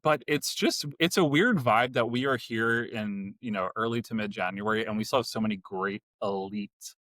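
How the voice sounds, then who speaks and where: Casual sports co-host, male, mid pitch, dry close sound, talkative. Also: normal speed, dry recording. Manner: animated, chatty, frequent agreeing interjections.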